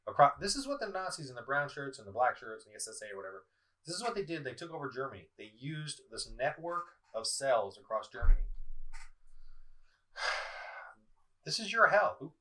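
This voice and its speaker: A man's voice: medium pitch, very animated, quick pace, fairly bright tone. A middle-aged man ranting in a video commentary. He talks in an accusing, heated way and often stumbles, restarts and repeats himself. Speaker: political vlogger. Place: indoors at home, in front of a screen. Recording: voice somewhat far from the mic.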